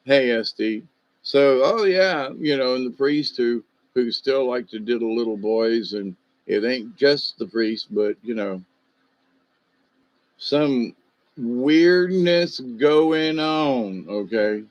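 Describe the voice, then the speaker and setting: A man's voice: medium pitch, slow, dull audio. A man telling rambling, folksy stories in a loose monologue, full of fillers and asides.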